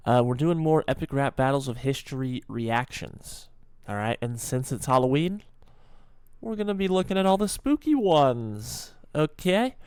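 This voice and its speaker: Smooth-voiced young man hosting reactions. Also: mid-range voice, animated, normal speed, a little mellow, no room sound, studio quality. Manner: chatty, stops to explain and joke. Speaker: reaction video host. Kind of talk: casual reaction commentary.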